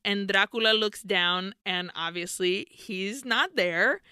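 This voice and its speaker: A woman's voice: medium pitch, slow pace, pushed and bright, clear, resonant tone, dry recording, clean studio sound. A woman co-hosting a podcast, casually and animatedly retelling a film plot, acting out characters' lines and swearing freely. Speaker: podcast co-host. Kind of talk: casual chat recapping a film.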